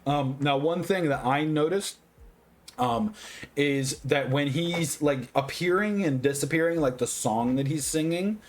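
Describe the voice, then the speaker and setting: A tipsy man giving a casual movie review, rambling, swearing constantly and getting excitable. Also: on the high side, measured pace, slight background noise. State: tipsy, drinking.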